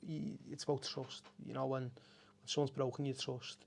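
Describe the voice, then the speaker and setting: Gravelly man speaking candidly. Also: mid-range voice, flat delivery, darkish tone, a little hiss or hum. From Liverpool, England. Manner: raw and emotional, frequent swearing, halting restarts. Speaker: café owner, podcast guest. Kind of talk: candid conversational storytelling.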